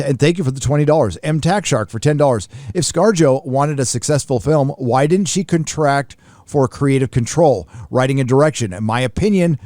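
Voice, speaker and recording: A man hosting a live stream reads viewers' donation messages, or superchats, aloud and tosses off short, casual replies. His voice is fairly high and a little mellow, recorded at studio quality with no echo.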